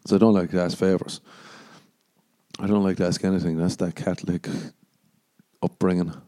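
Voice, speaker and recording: A man's voice: low-pitched, level tone, moderate pace, mellow. A young adult man from Ireland with an Irish accent, hosting a solo podcast, rambling and swearing, slipping into jokey mock voices. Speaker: podcast host.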